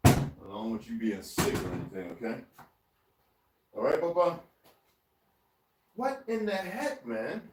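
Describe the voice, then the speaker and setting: Chatting casually with his viewers in his kitchen, a vlogger laughs often and talks to his cat as he looks around. His medium-pitched voice has lively intonation, and he speaks unhurriedly with frequent pauses. He is far from the mic, producing a roomy, off-mic sound with faint noise.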